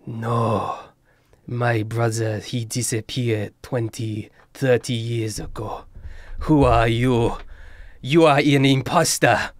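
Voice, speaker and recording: A man voicing a frail old male nature priest with a French accent, halting and fearful. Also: medium pitch, fairly even intonation, no room sound. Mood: suspicious.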